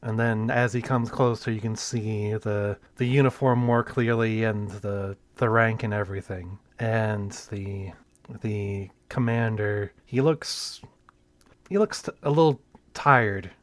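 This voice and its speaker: A man narrating as game master of a tabletop role-playing game, with many pauses and restarts. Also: lowish voice.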